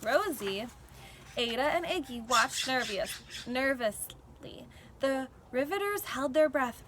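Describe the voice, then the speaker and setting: A woman teacher reading a chapter book aloud to children, expressive and pausing to explain the pictures. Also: sits high. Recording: recording with steady background noise.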